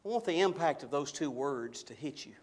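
A middle-aged man preaching a sermon, slowing and swelling on key words for emphasis. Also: fairly high pitch, expressive. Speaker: pastor.

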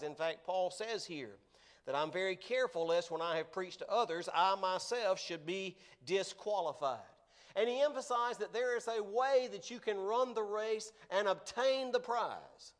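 A man preaching a sermon, earnest and emphatic, slowing down to stress key words. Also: high voice.

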